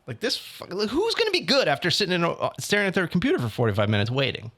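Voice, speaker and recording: A young man co-hosting a podcast, telling a story in a casual, animated way and acting out what other people said. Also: high-pitched, fast talker. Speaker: podcast co-host. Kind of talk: casual chat.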